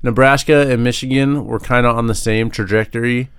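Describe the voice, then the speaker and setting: Smooth-voiced man in a dry room. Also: mid-range voice, a little fast, no echo. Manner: relaxed, conversational, uses filler "like". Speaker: podcast co-host. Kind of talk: casual sports chat.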